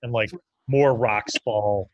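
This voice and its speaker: A man's voice: on the low side, steady tone, slow pace, lo-fi sound, a little hiss or hum. A man narrating as game master in a casual, loose way, with lots of fillers.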